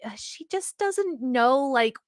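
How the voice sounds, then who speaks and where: A spacey young Valley Girl with a lazy Californian drawl, as a woman puts her on. She stretches her words out slowly and fills them with "like." The sound is close and dry. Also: high voice, animated, no room sound. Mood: ditzy. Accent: Californian Valley Girl (put on). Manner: drawn-out, ditzy, full of "like".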